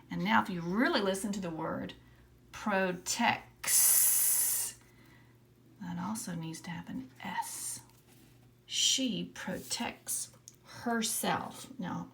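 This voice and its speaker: A woman's voice: lowish voice, creaky, fairly bright tone, a little hiss or hum. A woman teacher giving a patient writing lesson to young children, sounding out letters and syllables one by one.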